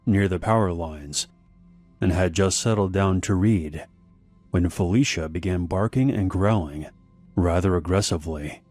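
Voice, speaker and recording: A man with a very deep voice reads a scripted horror tale. He sets a measured, unhurried pace. Faint music plays beneath his narration. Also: darkish tone.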